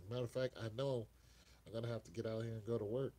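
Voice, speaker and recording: Male live-stream host, casual and rambling, laughs a lot, voice of middling pitch. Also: steady tone, fast talker, dark tone.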